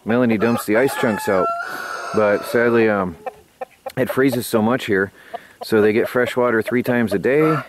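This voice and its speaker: A lower-voiced man rambles casually to his camera while standing outdoors in the snow. The camera mic picks up clear background noise and chickens clucking around him. He sometimes sounds out of breath from the cold. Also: moderate pace. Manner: rambling, chatty, talks to his birds. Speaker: homesteading vlogger. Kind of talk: casual vlog narration. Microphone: handheld camera mic.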